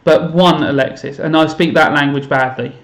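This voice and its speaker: A man's voice: on the high side, steady tone, normal speed, reverberant. A man chatting casually on a live stream while playing a game, self-mocking and thinking aloud to his viewers. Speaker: teacher streaming to students. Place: home room.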